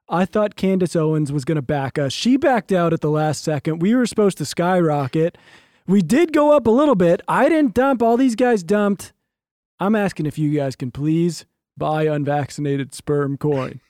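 High-voiced guy cohost from germany, goofy joking bits, dry close mic. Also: animated, normal speed, a little mellow, dry recording. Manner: joking, mock-pleading riffs. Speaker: podcast co-host. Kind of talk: casual comedic chat.

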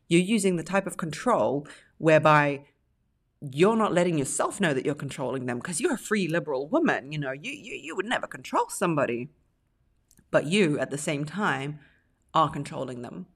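A woman hosting a podcast, giving blunt relationship advice and acting out the phrases she quotes in mocking voices. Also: deep voice. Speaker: podcast host.

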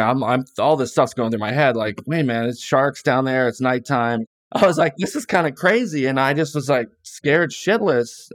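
A middle-aged Californian guest author casually tells stories in an interview, relaxed and rambling, often restarting sentences and quoting dialogue. His medium-pitched voice is recorded cleanly in a studio with no echo.

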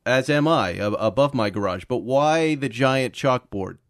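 A man hosting a podcast, chatting casually and reading sponsor ads with lively energy. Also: mid-range voice, measured pace, no echo, clean studio sound. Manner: chatty, animated, laughs often. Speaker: podcast host. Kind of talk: casual chat with sponsor read. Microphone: video call.

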